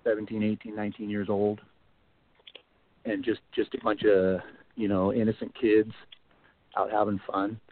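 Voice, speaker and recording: Here a Bigfoot researcher, middle-aged, guests on a radio show and tells a long personal story in a loose, rambling way, full of "you know" and "like." His lowish voice stays level at normal speed and pauses often. It's a tinny phone line without echo.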